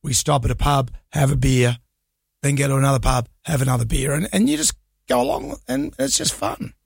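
A man's voice: medium pitch, animated, brisk, vocal fry, husky, no echo, clean studio sound. A man with an Australian accent hosting a radio show, telling a story in casual banter and laughing often. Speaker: radio host. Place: radio studio. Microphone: studio mic.

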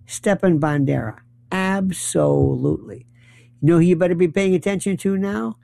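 Recorded in clean studio sound with no echo, a high-pitched man with a creaky, warm voice talks at normal speed. Heated and rhetorical, he delivers an impassioned political monologue, rambling and often searching for names.

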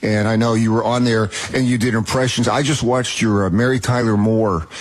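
A man hosting a radio interview in a relaxed, conversational way, with a husky voice. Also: lowish voice, brisk.

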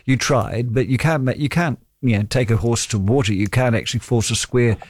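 A man's voice: medium pitch, fairly quick, dry recording, clean studio sound. A man, hosting late-night talkback radio in a chatty, encouraging way, telling stories. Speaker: fill-in talkback radio host.

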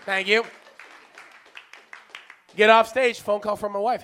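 A man with a very high, bright voice performs stand-up comedy. He mocks himself and snaps into shouted punchlines. His tone stays sharp and forceful. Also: fairly even intonation, measured pace, pauses often, a faint crowd, a little hiss or hum. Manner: self-mocking with abrupt shouted punchlines.

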